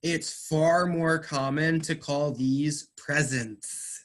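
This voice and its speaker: A man teaching English, explaining slowly and patiently, stressing words. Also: fairly high pitch, fairly even intonation, fairly bright tone. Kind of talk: online class teaching.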